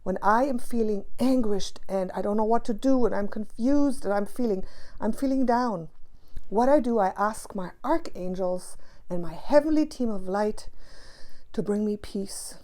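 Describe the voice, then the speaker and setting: A woman's voice: mid-range voice, normal speed, warm tone. A woman teaching spiritual practice to camera, passionate and emphatic, repeating key phrases for stress.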